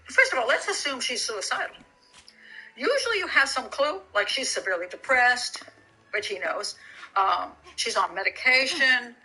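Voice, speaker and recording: A woman's voice: fairly high pitch, very animated, moderate pace, sharp tone, low-quality recording. A woman giving casual commentary on a criminal case, reading from documents and thinking aloud with many restarts, incredulous and sarcastic. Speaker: true crime commentator.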